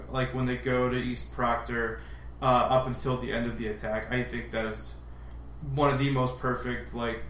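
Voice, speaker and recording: 男主持人，随意闲聊，空旷回声，轻微背景噪音. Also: male voice, medium pitch, a bit bright, echoey room, a little hiss or hum. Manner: laughs often, loose enthusiastic rambling. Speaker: podcast host. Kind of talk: casual movie discussion.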